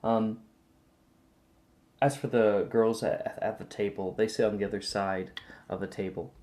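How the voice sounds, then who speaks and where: Male game master, relaxed filler-heavy scene narration. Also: on the low side, a little slow.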